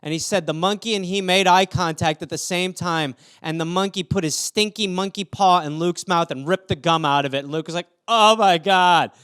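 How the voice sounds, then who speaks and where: A man with a high, smooth voice riffs through a solo comedy podcast. He talks profanely and rambles from one absurd scenario to the next. The sound is close and dry, with no room echo. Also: fairly even intonation, fairly quick, hardly any pauses, fairly bright tone. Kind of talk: solo comedic riffing on news stories. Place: home room.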